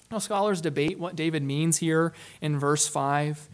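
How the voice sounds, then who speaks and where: A male pastor preaching a sermon in an earnest, emphatic way, swinging between loud stresses and quiet, low drops and slowing down on key phrases.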